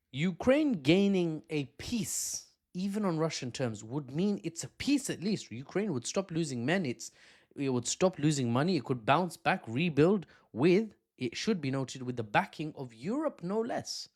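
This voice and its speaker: Animated male political commentary host. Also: fairly high pitch. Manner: animated, self-mocking asides, frequent restarts. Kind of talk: opinionated geopolitical commentary.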